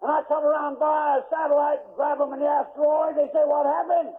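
A man preaching a fiery sermon in a church, shouting emphatic lines and leading the congregation in call-and-response. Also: very high-pitched, flat delivery, quick pace. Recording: tinny phone-like audio with faint noise.

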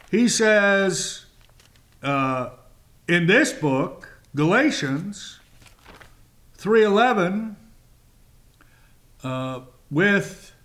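A man hosting a Bible teaching show, speaking in a measured, emphatic way with long pauses and fillers. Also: high voice, expressive, fairly bright tone. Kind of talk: slow, deliberate Bible teaching.

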